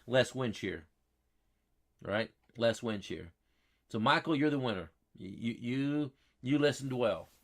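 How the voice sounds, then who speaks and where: A man's voice: medium pitch, animated, unhurried, pauses often. A man hosting a live weather stream, chatting with viewers in a folksy, repetitive way and quizzing his chat. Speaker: weather livestream host.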